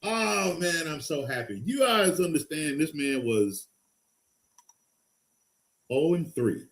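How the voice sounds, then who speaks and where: A man hosting a live fantasy football stream, excitable and rambling, going from loud hype to low mutters. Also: slow pace. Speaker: fantasy football show host. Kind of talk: casual live-stream talk.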